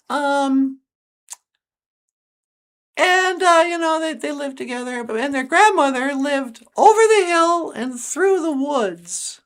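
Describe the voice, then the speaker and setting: A woman podcast host telling a story in a chatty, casual way, laughing often and filling in with asides. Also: sits high.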